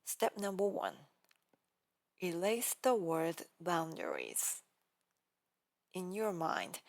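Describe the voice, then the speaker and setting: Slow, calm woman teaching pronunciation. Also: lowish voice. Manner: calm, careful, spells out each step and repeats practice phrases. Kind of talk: scripted lesson narration.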